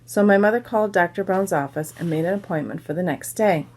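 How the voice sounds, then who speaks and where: A woman's voice: lowish voice, fast, darkish tone. A woman reading a children's novel aloud, telling it in plain first-person storytelling. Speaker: reader.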